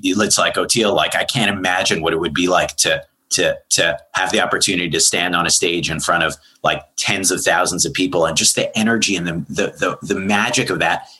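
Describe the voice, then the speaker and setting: A Canadian man appears as a therapist guest in a casual podcast conversation, speaking at a moderate pace in a pushed, bright, slightly rough voice. He's earnest and rambling, uses many fillers, and goes high-pitched when voicing people he quotes. The audio is poor.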